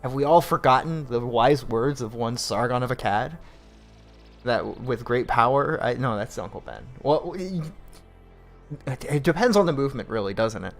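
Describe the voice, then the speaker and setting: A man's voice: medium pitch, lively intonation, normal speed, vocal fry, faint music behind. A man hosting a late-night livestream, commenting on clips with sarcastic, profane mockery. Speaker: stream host.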